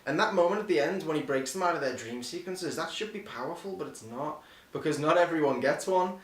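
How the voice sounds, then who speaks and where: Man, podcast co-host, rambling and sweary, slightly high voice, echoey room, a bit off-mic. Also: brisk, recorded from a distance. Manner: rambling, profane, acts out quotes in silly voices. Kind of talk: casual film review chat.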